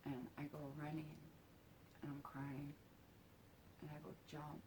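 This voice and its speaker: Slow, low-voiced woman telling a story. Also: little pitch movement, background noise. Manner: halting and soft-spoken, casual swearing. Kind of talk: personal storytelling.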